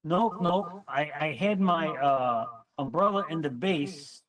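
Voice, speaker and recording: Lively man telling a story, far from mic. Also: fairly high pitch, slow. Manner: animated storyteller, acts out quotes. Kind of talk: casual storytelling chat.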